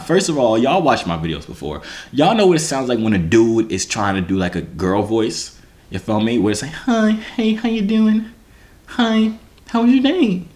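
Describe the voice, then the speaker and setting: A man vlogger telling a personal story to camera in a casual, slangy, self-mocking way, with lots of restarts. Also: on the low side. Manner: animated, slangy, self-mocking, full of restarts and "you feel me".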